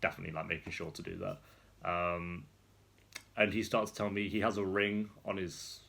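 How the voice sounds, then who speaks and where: A man's voice: low-pitched, steady tone, normal speed, creaky, a bit bright. A young man vlogging casually, telling a rambling story with frequent laughs while seated indoors. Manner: rambling, chatty, laughs often. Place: seated indoors on a rolling chair.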